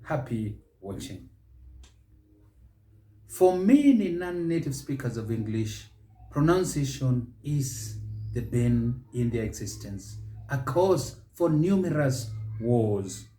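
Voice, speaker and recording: A man with a Kenyan accent hosting a pronunciation lesson, speaking slowly and deliberately and stretching key words. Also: medium pitch, mellow. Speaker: show host and English pronunciation teacher. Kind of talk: measured spoken lesson. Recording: echoey room.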